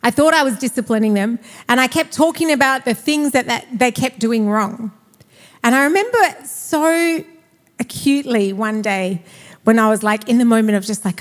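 High-voiced woman preaching in a hall. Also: normal speed. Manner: storytelling with laughs. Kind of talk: sermon. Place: church. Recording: reverberant church hall.

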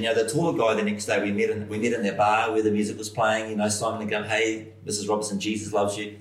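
A middle-aged man, a pastor telling a story in an animated, storytelling way. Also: on the low side, a little hiss or hum. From New Zealand. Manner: animated storyteller, acts out quoted voices. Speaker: senior pastor. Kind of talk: storytelling in a podcast conversation. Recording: roomy echo, somewhat far from mic.

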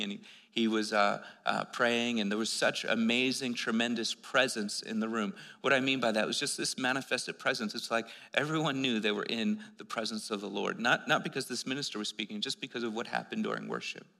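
A man's voice: medium pitch, pushed and bright. A man preaching a sermon, telling stories in a conversational way with many restarts. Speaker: pastor. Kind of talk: sermon with storytelling. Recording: long hall reverb.

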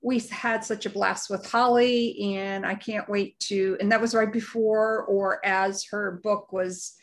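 A woman's voice: medium pitch, steady tone, measured pace. A woman co-hosting a podcast, chatting in a gushing, effusive way about upcoming guests. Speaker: podcast co-host. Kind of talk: casual chat.

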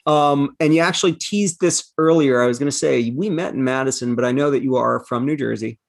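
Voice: mid-range voice, a little fast, vocal fry, no room sound, studio quality. An interviewer in casual chat, asking a guest a question in a friendly way.

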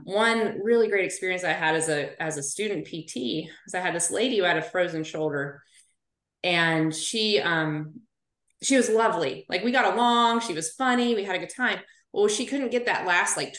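A woman in her forties, a physical therapist, telling stories as a podcast guest in a chatty, animated way. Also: on the low side, moderate pace. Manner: chatty storyteller, animated asides. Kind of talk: casual podcast interview. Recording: roomy echo.

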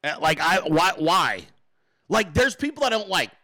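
A man's voice: high-pitched, sing-song, moderate pace, bright, forceful tone, rough recording. A man hosting his own talk show, venting in an angry, profane, blunt monologue to his viewers. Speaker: show host.

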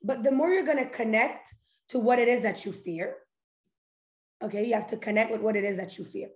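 A woman's voice: fairly high pitch, a little fast. Upbeat woman coaching in an echoey room. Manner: energetic, direct, with rhetorical questions and laughter. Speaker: host of a live motivational call. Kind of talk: motivational talk to a live audience.

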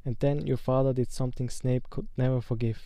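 Man reading as a dreamy old wizard headmaster, gentle, wry, mellow, dry sound. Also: medium pitch, steady tone, fairly quick, dry recording, natural voice. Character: wise, whimsical, kindly old headmaster wizard.

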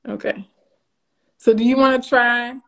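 A woman's voice: on the high side, fairly even intonation, measured pace. A woman from Louisiana, hosting a casual live stream. She is bubbly, laughs often and greets viewers by name. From Louisiana, USA.

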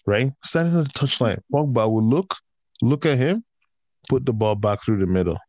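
A man's voice: mid-range voice, expressive, normal speed, a little mellow, dry recording. Man ranting profanely about football. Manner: heated, profane rant with slang like bro. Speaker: podcast host and football fan. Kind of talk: casual chat.

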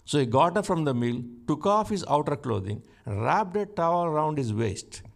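Man preaching, gravelly voice, slow and emphatic, kinda high pitched. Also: big pitch swings. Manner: slow, emphatic Bible teaching with rising exclamations. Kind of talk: sermon.

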